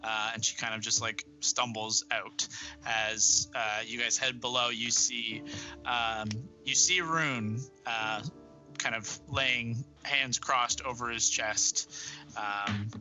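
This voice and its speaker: A man narrating a tabletop game as game master, describing scenes in a halting way full of fillers. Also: mid-range voice, fairly even intonation, music in the background, rough recording.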